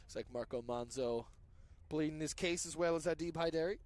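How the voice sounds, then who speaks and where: A man calling a live amateur soccer match, chatty and joking, getting louder and quicker when play gets close to goal. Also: a little high, no room sound. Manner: chatty, joking asides, rising excitement on attacks. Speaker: play-by-play commentator.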